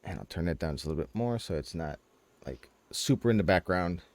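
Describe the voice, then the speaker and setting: A man's voice: low voice, animated, a little fast. A man acting as game master on a casual streamed tabletop session, chatty and rambling, teasing his players, speaking into a headset.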